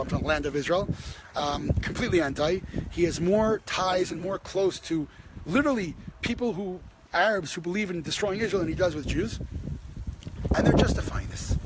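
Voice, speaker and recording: A man speaks with a high, lively voice, stumbling through restarts and then surging upward as he presses his point. The talk is impassioned and personal. Steady noise sits under the recording. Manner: impassioned, many restarts, rising when stressed. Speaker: host.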